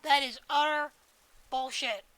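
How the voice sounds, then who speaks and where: A woman's voice: sits high, fairly even intonation, unhurried, fairly bright tone, no room sound, rough recording. A woman streaming a video game, chatting casually in a rambling, joking way with plenty of swearing. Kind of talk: casual live-stream chat while gaming.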